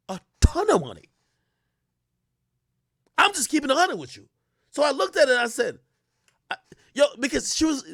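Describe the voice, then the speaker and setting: A man's voice: on the high side, no room sound, clean studio sound. A man streaming live, ranting casually in a profane, storytelling way. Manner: animated, profane, storytelling with quoted voices. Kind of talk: casual livestream rant.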